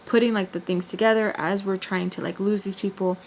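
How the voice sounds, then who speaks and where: A woman vlogger telling a personal story to her viewers in a casual, expressive way, with quick asides and some lines dropped to a whisper. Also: mid-range voice. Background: faint heater hum.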